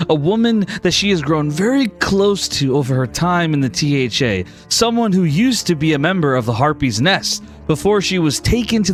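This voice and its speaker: Man running a tabletop game, high lively voice, casual narration, faint music behind. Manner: casual, animated narration with fillers. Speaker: game master.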